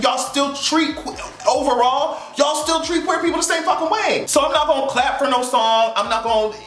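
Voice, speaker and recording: A man with a high, bright voice delivers a heated, sarcastic vlog rant full of profanity. He slips into mocking voices now and then. The room is echoey, with faint music playing underneath. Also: moderate pace. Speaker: vlogger. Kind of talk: casual opinion rant to camera.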